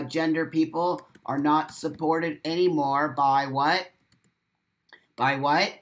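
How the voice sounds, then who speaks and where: A man's voice: fairly high pitch, a bit bright. A man hosts a casual live stream, reading comments aloud and answering in a blunt, emphatic way. He repeats his points, swears freely and talks straight to his viewers. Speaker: livestream host.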